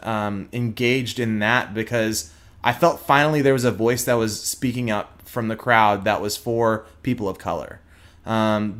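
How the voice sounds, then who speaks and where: A young adult man from Texas, speaking as an interview guest in an earnest, reflective way with frequent pauses and fillers. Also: medium pitch, fairly bright tone, clean tone. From Houston, Texas. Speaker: guest, prosecutor.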